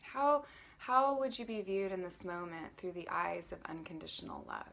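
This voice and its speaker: On a live stream, a woman coaches on self-love, calmly leading breathing exercises in a gentle, guiding manner that sometimes sinks to a near whisper. Her voice is lowish with vocal fry, and she talks at a normal speed.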